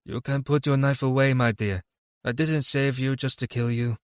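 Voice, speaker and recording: A man reading an audiobook, voicing a fat foreign rogue who talks softly and wryly. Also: medium pitch, fairly even intonation, normal speed, clean tone, no room sound, clean studio sound, natural voice. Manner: soft, wry.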